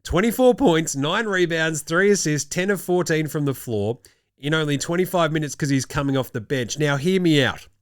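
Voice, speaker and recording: A man's voice: on the high side, animated, normal speed, no room sound, clean studio sound. A young Australian man hosting a casual basketball show, joking as he rattles off stats. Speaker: host. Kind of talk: casual chat.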